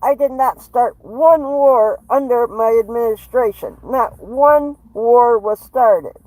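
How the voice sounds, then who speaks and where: A man's voice: very high-pitched, slow pace, a little mellow, no room sound, voice pushed up, low-quality recording. A man doing an amateur impression of a boastful former male president, with emphatic, repetitive bragging.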